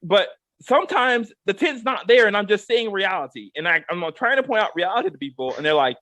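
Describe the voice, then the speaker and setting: High-pitched, animated man on a rant. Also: fairly quick, few pauses, no echo. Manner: emphatic and repetitive, drives points home with "okay?". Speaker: co-host giving a rant segment. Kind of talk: heated sports rant.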